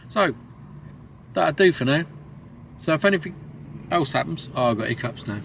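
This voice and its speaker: A man's voice: a little high, lively intonation, normal speed, vocal fry, a bit bright, a little hiss or hum. A man, a lorry driver, chatting casually to his camera from inside his truck cab, rambling along with a lot of swearing and self-mockery. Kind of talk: casual vlog chat to camera.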